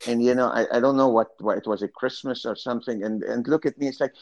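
A man's voice: mid-range voice, fairly even intonation, fast, a little mellow, muffled recording. A man, a kidney cancer specialist, talking through an expert panel discussion with many fillers and restarts.

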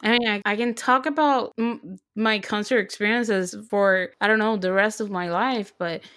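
A young woman co-hosting a podcast, telling a story in a casual, excitable way, full of fillers and restarts. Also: medium pitch, normal speed. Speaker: podcast co-host. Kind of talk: casual chat.

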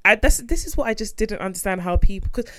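A woman podcast co-host from a second-generation Nigerian immigrant family, chatting casually about a documentary in a blunt, animated way and swearing freely. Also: mid-range voice, fast, no room sound. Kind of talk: casual chat reviewing a documentary.

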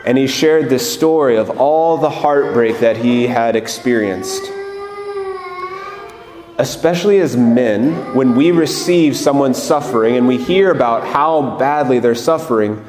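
Earnest priest in an echoing church. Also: male voice, medium pitch, expressive, soft background music. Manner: gentle, earnest, unhurried. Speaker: Catholic priest. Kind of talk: homily leading prayer. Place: large church. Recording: echoey church, long reverb.

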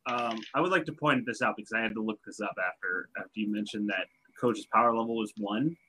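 A man playing in a tabletop game, chatting quickly and eagerly. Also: on the low side, pushed and bright, husky, rough recording. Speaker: player. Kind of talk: casual chat.

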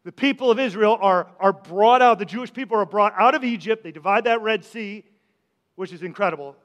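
A man's voice: sits high, brisk, a bit bright. A man preaching a sermon as pastor, talking conversationally, asking the congregation questions and often repeating his words. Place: church sanctuary. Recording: long church hall reverb.

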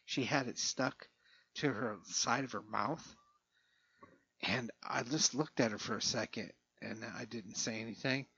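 A middle-aged man rambles through a casual monologue in a gravelly, husky voice, swearing freely and chuckling as he goes. His tone has a sharp, tense edge. The recording sounds dull and lo-fi. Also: medium pitch, a little slow, dry recording.

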